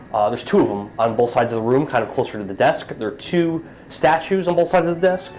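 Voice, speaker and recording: A man running a tabletop game as game master, describing scenes with halting fillers. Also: medium pitch, darkish tone, rough recording.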